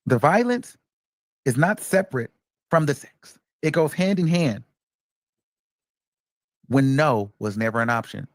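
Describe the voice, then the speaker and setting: A man's voice: mid-range voice, expressive, a little slow, pauses often, no room sound. A man hosting reaction commentary, emphatic and repeating his points for stress. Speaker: commentary host.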